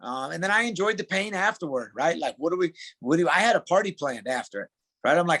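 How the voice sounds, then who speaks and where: Middle-aged guy talking fast and emphatic on a podcast, kinda high pitched. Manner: emphatic, excitable, calls people dude. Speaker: wrestling coach, podcast guest. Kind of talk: casual interview chat.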